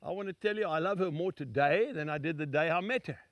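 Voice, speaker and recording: A man's voice: on the high side, quick pace, no echo, lo-fi sound. An older man, an evangelist, preaching a sermon to camera on a small studio set in an emphatic, folksy way with repeated phrases.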